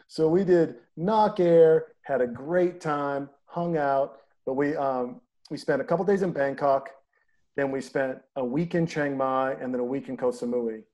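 Male, conversational storyteller, mid-pitched, lively anecdote delivery. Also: a little slow. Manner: animated anecdote teller, acts out quoted people. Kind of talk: casual storytelling chat.

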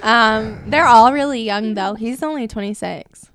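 A woman's voice: fairly high pitch, measured pace, crowd noise. A woman in her twenties on a podcast, retelling gossip with frequent giggles. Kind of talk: casual chat.

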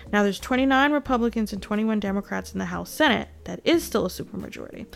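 Gravelly-voiced woman commentator. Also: medium pitch. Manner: indignant, addresses viewers directly, laughs between points. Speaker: political commentary host. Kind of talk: casual political commentary to viewers.

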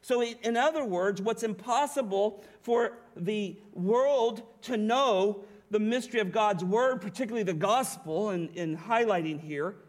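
A man preaching a sermon as pastor, emphatic, with rhetorical questions to the congregation. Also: high voice.

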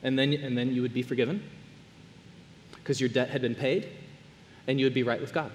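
A man preaching a sermon as a pastor, earnest, dropping to hushed tones and then rising to emphatic ones. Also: medium pitch, steady tone, brisk, in a large hall, slight background noise. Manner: earnest, swings between soft hushed lines and raised emphatic ones.

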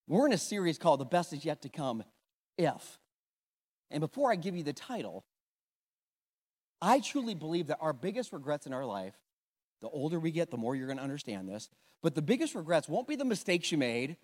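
A middle-aged man preaching a sermon, telling a personal story in an animated way, with sudden swings between loud and hushed. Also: sits high. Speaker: pastor. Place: large church hall. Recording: long hall reverb.

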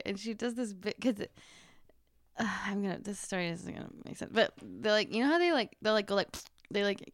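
A woman hosts a casual podcast chat and drifts through a rambling story full of fillers. She drops in jokey asides as she goes. Her voice is mid-pitched and recorded dry and close. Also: no room sound. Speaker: podcast host.

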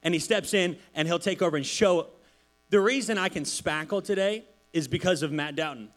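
Preaching informally in church, this male pastor spins stories full of side remarks in a chatty, animated way. He talks at a moderate speed with a voice on the higher side.

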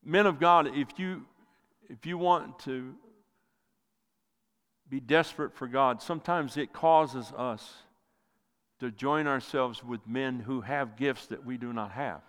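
A male pastor preaching a sermon with passion, rising loud and then dropping to near quiet. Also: slow pace, pauses often. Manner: impassioned preaching, swells loud then drops low. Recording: long hall reverb.

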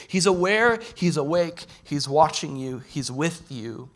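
A man preaching a sermon in a conversational way, asking the listeners questions and swinging from loud bursts to quiet lines. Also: fairly high pitch, animated, unhurried. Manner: conversational, asks the audience direct questions. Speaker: pastor.

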